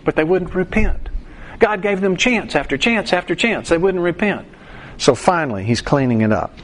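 Lively, animated male preacher. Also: high voice, normal speed. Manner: animated preacher, acts out voices and sings a line. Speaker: pastor. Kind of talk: sermon.

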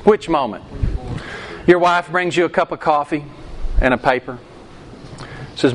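A man's voice: on the high side, measured pace, long pauses, slight background noise. A man preaching a sermon, quizzing the congregation with questions and acting out quoted outbursts. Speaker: pastor. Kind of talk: interactive sermon.

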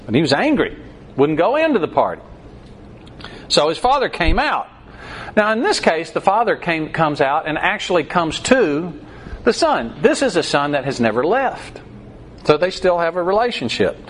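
A man preaching a sermon, telling a parable in an animated style. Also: on the high side, moderate pace, slight background noise. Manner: animated storytelling, acting out the scripture.

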